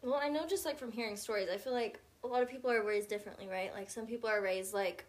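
A woman co-hosting a podcast, chatting in an animated casual way. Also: mid-range voice, quick pace. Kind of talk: casual chat.

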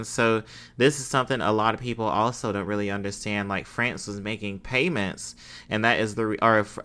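A man's voice: lowish voice, bright, forceful tone, clean tone. A man giving a casual spoken history talk, hesitant, with frequent fillers and self-deprecating asides.

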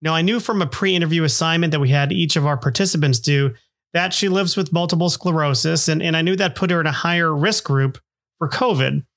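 A man's voice: a little high, a little fast, fairly bright tone. A middle-aged man hosting a podcast, narrating casually in a rambling, self-deprecating way with many fillers. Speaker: podcast host.

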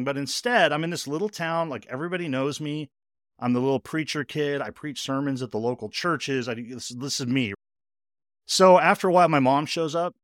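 A man hosting a podcast, telling a personal story in a casual, animated way, speeding up in bursts and saying "like" a lot. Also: mid-range voice, fairly quick, no echo, clean studio sound. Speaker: podcast host.

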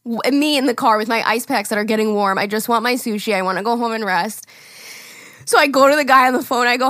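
A young woman with a fairly high voice tells a story in a casual podcast chat. She acts out what others said, laughs often, and sounds dry and close to the mic. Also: quick pace, fairly bright tone, no echo. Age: young adult. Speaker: podcast co-host.

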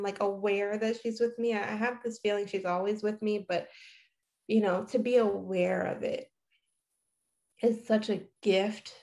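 A woman in her thirties telling a personal story in a casual, reflective way, often halting and starting sentences over. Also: mid-range voice, a little mellow. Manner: reflective, halting, with frequent restarts.

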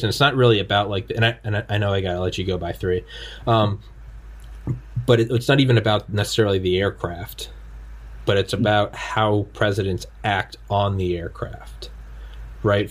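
A low-pitched man hosts a casual podcast interview. He tells stories in a loose, rambling, animated way, full of fillers and restarts. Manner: rambling, animated storytelling with frequent filler words. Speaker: podcast host.

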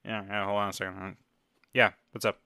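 A man doing an eager young assistant who never stops talking, bright and a little sharp in tone, rambling and self-deprecating. The sound is close and dry, with no room around it. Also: fairly low pitch, little pitch movement, a little fast, creaky, clear, resonant tone, dry recording, voice pushed down. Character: rambling young male assistant, aspiring improv comic. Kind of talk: improvised comedy scene.

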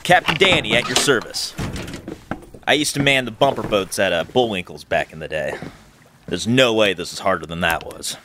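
A man voicing a crude, rowdy young party guy who talks loud and swaggering. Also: on the low side, animated, normal speed, background noise, lightly acted.

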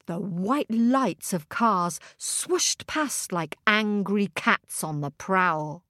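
A woman narrating a children's story expressively and gently, speaking to young listeners. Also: medium pitch, expressive, very slow, no echo, clean studio sound.

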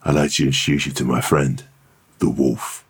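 A man putting on a drowsy, deep podcast-host voice. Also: slightly rough, full character voice. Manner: slow, drowsy, flat delivery.

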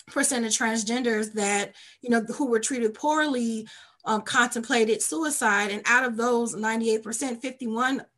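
A woman hosting an interview, talking casually and haltingly with many ums. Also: on the high side, fairly bright tone. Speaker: host.

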